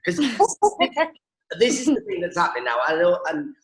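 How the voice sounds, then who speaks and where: A man from northeast England, a comedian telling animated stories over a video call. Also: fairly high pitch, quick pace, echoey room, rough recording. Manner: animated, excitable storytelling. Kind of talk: stand-up style chat on a video call.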